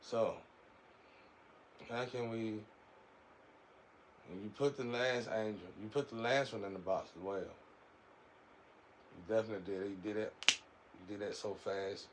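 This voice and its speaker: A man with a fairly low voice rambles through a casual, preachy spiritual monologue, circling back and repeating his phrases. A faint hiss of noise sits behind him. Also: fairly even intonation, measured pace, pauses often, low-quality recording. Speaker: speaker giving a monologue.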